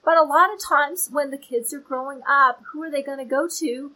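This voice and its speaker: Bright, lively woman teaching the Bible. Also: sits high, moderate pace, low-quality recording. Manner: chatty and animated, with playful asides.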